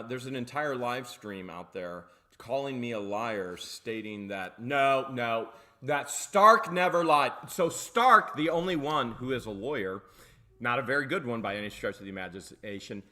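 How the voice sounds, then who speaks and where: A man's voice: mid-range voice, pushed and bright. A man co-hosting a livestream, talking casually with sarcastic, mocking asides. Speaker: co-host of a livestream.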